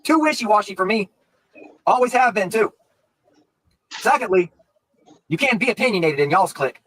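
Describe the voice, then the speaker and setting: A man vents his anger on a live stream, cursing and circling back on himself. His voice is husky and sits high, and it swings widely in pitch. It sounds like a confrontational rant that barely slows down. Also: lively intonation, fairly bright tone, dry recording, rough recording. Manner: profane, confrontational, rambling. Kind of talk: heated ranting on a live stream.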